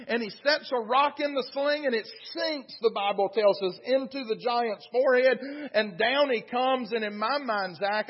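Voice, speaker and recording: A man's voice: extremely high pitch, husky, highs cut off. A man preaching a sermon in a church, retelling scripture in an earnest storytelling way. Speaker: pastor. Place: church sanctuary.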